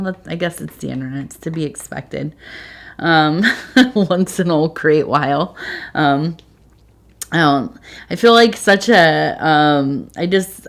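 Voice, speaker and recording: Middle-aged lady doing a chatty reading, low voice with some fry, slow and rambly. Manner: rambling, meandering, with many fillers. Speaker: tea leaf reader, channel host. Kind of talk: casual spoken reading.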